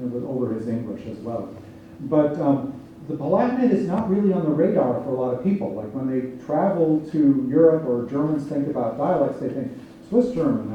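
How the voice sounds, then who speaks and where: In an echoey lecture hall, a man with a medium-pitched voice gives a public lecture and takes audience questions, explaining his points and tossing in "right?" as he goes. The recording sounds distant, with the high frequencies cut off and a little background noise.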